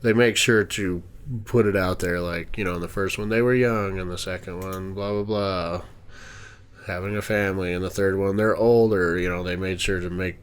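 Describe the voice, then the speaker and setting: A man co-hosting a podcast in casual, joking chat, sometimes dropping into low mumbles. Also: fairly even intonation, normal speed, clear, resonant tone. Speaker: podcast co-host.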